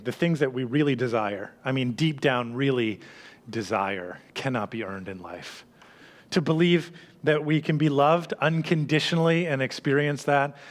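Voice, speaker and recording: A pastor preaching to his church in an earnest voice that sits a little high for a man. He drops to quiet, hushed passages and then builds to raised, emphatic peaks. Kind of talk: sermon.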